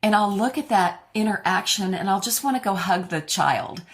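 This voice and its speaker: A woman's voice: medium pitch, normal speed, slight background noise. A woman co-hosting a podcast, talking casually and telling her stories in a heartfelt, reflective way. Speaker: podcast co-host.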